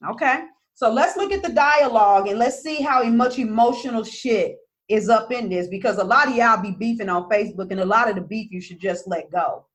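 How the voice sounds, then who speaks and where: High voiced woman coach ranting casually to followers, blunt, swears a lot. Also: a little fast. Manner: blunt, profane, emphatic. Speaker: business coach.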